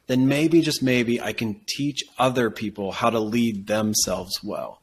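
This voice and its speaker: A man's voice: medium pitch, slight background noise. Man explaining a leadership model. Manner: explanatory, measured teaching tone. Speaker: guest, business coach. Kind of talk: casual interview conversation.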